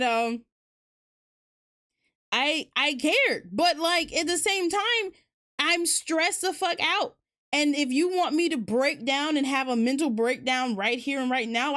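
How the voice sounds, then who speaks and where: A woman's voice: high voice, a bit bright. A woman streamer hosting a casual book talk, rambling candidly with lots of fillers and the odd swear word. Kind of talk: casual chat.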